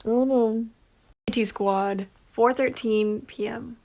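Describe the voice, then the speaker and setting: A woman's voice: on the high side, steady tone, slow pace, dark tone. A young adult woman talking casually through her day in a rambling, chatty way, swearing now and then. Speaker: vlogger. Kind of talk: casual daily vlog.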